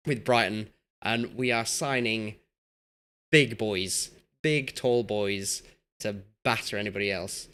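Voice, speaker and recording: A man's voice: lowish voice, measured pace, sharp tone, soft background music. A young man from Yorkshire chatting casually while live-streaming a football management game and reading chat aloud. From Yorkshire, England.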